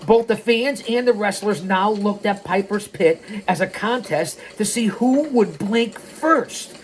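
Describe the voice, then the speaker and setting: A man's voice: sits high, a little slow, slight background noise. Guy hosting story time, reads first person, goes off on tangents. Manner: animated, prone to tangents. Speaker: host.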